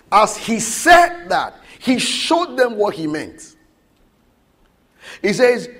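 Husky, lively-pitched male preacher. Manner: animated, questioning the congregation. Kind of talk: sermon.

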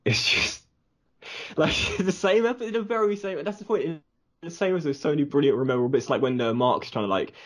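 A man's voice: on the high side, quick pace. A man guesting on a podcast in casual chat, joking and bantering with a self-deprecating edge. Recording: dull lo-fi sound.

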